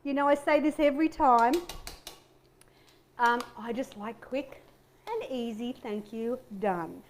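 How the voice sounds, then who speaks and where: A woman's voice: on the high side, unhurried, a little hiss or hum. A middle-aged woman hosting a cooking show, chatting upbeat to viewers as she chops and fries in her kitchen. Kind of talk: casual cooking demonstration. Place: home kitchen. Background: pan sizzling and kitchen clicks.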